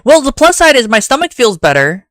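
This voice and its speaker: A man's voice: very high-pitched, very animated, brisk, fairly bright tone, dry recording, studio quality. A man with a Southern US accent, rambling casually and talking straight to his chat as a streamer.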